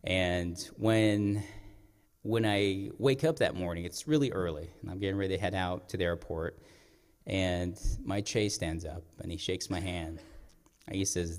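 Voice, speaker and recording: Young male storyteller, low voice, earnest and reflective, live on a stage with a long reverb tail. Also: steady tone. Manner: earnest, reflective, pauses and clears throat. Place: performing arts center stage.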